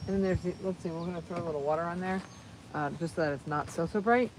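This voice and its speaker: A woman with a lowish voice talks quickly over a noisy background. She's hosting a live crafting session, chatting cheerfully and rambling to viewers as she works, often repeating phrases.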